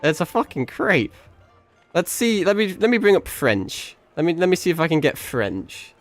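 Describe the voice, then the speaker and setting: Playful British man, lively rambling stream talk. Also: fairly high pitch, moderate pace, soft background music. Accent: British, with mixed American and South African hints. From Britain. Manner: playful, rambling, swears freely, laughs often. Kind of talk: casual game stream chat.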